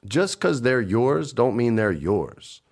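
A man in his forties telling casual stories in a relaxed, slangy, profane way, laughing often as he talks. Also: medium pitch, slow. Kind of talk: casual storytelling chat.

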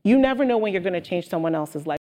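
A woman guest speaker telling stories with animated energy in a live on-stage interview. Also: on the low side, fast talker. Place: auditorium with audience. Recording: long hall reverb.

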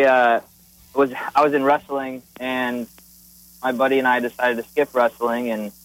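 A man's voice: medium pitch, a bit bright, rough recording. A man calling in to a radio show, telling a story in a rambling, hesitant way with many fillers. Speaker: caller. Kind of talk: phone-in storytelling.

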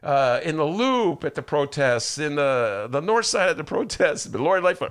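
A man hosting a podcast, talking in a sarcastic, animated way and mocking people with put-on voices. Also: a little high, moderate pace, hardly any pauses, smooth. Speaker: podcast host. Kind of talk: casual political chat.

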